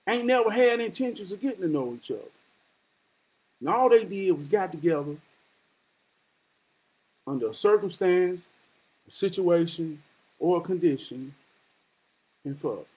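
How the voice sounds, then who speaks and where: A man's voice: sits high, poor audio. A man giving a casual, preachy monologue. He speaks in a profane, repetitive, rhetorical way with a street-preacher cadence. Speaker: vlogger giving life talks.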